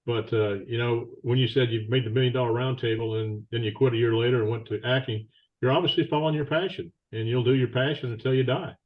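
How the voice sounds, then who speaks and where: A man's voice: medium pitch, steady tone, fast talker, dull audio. A middle-aged man speaking earnestly with stumbling starts, joining the interview.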